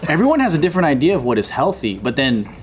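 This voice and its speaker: High, lively man cracking jokes. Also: rapid-fire, a little hiss or hum. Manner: animated, swearing, laughing often. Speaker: podcast co-host. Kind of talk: casual banter.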